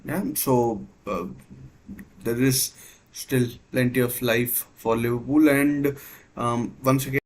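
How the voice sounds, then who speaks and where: Slow, hesitant man hosting a watchalong. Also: medium pitch, fairly even intonation, low-quality recording. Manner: hesitant, filler-heavy, many uh and and. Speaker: watchalong host. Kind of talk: live match commentary watchalong.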